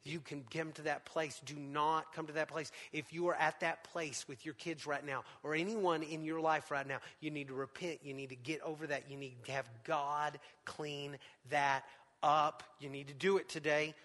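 A middle-aged man preaching a sermon to parents, swinging between loud emphatic lines and hushed ones. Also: on the high side, little pitch movement, normal speed. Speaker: pastor. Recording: long hall reverb.

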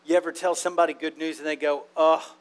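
A man's voice: a little high, little pitch movement, rapid-fire. A man. His delivery is playful and conversational. He keeps checking in with the congregation through questions. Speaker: preacher. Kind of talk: sermon.

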